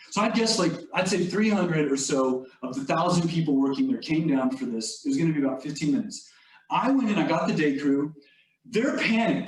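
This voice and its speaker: A man giving a motivational leadership talk, telling a workplace story in a conversational way with many asides to the audience. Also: fairly high pitch. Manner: storytelling, conversational with filler "like" and "you all". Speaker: leadership speaker. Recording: echoey room, distant mic.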